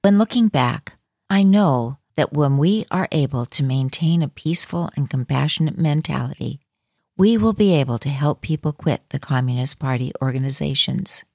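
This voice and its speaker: A woman with a low voice reads a first-person account in calm, measured scripted narration. Her voice sounds dry and close, with no room around it. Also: dry recording.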